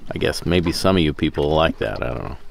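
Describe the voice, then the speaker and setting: A man's voice: rumbling low, fast, gravelly, a little hiss or hum. A middle-aged man chatting casually to camera from a sailboat at sea, rambling with many fillers and restarts. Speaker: sailing vlogger.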